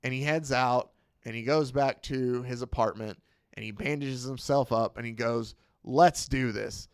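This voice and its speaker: A man's voice: medium pitch, steady tone, normal speed, clean tone, no echo, studio quality. A man co-hosting a podcast, recapping a TV episode in casual chat and slipping briefly into character voices as he retells scenes. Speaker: podcast co-host.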